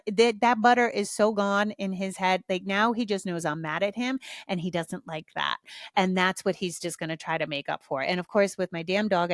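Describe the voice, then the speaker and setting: A woman's voice: on the low side, fairly bright tone, no echo, studio quality. A middle-aged woman hosting a parenting podcast, giving frank, casual advice and swearing freely. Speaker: podcast host, parenting coach. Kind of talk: casual chat, candid advice.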